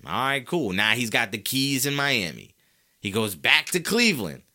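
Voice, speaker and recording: At a medium pitch and normal speed, a man carries a solo sports talk show. He argues with animation, peppering his listeners with rhetorical questions and easygoing slang.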